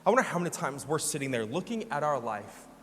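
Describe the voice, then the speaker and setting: Pastor, male, high bright voice, animated sermon storyteller, church hall echo. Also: fast talker, slight background noise. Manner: animated, laughing storyteller with falsetto imitations. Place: church sanctuary.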